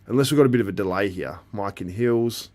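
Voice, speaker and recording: A man's voice: on the low side, quick pace, darkish tone. A man hosting a casual live stream, chatting with viewers and reacting to events as they happen. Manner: chatty, reacting to the live feed and chat, laughs often. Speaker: livestream host.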